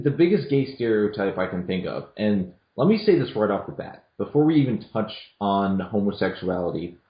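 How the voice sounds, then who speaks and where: A man co-hosting a casual film review chat, giving blunt opinions in an animated way. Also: on the low side. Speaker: co-host. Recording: dull lo-fi sound in a roomy echo.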